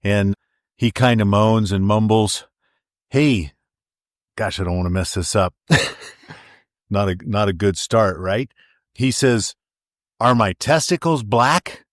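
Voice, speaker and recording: A man with a lowish voice telling a long joke on a podcast, recorded dry and close. He is relaxed and unhurried, and stops now and then to fix his wording. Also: dry recording. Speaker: podcast co-host.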